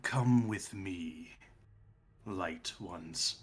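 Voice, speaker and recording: A man voicing a hushed, menacing cult leader. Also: sits low, very slow, husky, pitched below the performer's own voice, heavily acted. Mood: ominous. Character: eerie male cult leader, solemn and menacing.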